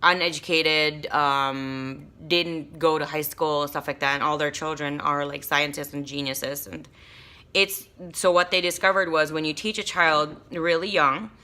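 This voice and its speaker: A woman's voice: deep voice, fairly even intonation, measured pace, sharp tone. A young woman chatting casually in a haul vlog, rambling with lots of ums and likes. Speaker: vlogger.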